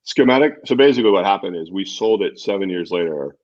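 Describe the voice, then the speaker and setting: A man's voice: low-pitched, quick pace, dull audio. A middle-aged man, a podcast guest, telling stories and acting out the dialogue of people in them. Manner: animated storyteller, acts out quoted dialogue. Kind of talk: storytelling in a podcast interview.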